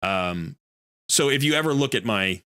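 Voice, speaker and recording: A man's voice: medium pitch, lively intonation, normal speed, bright, forceful tone, clear, resonant tone, no room sound, clean studio sound. A man hosting a live game stream, chatting casually and rambling with lots of fillers. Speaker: streamer host.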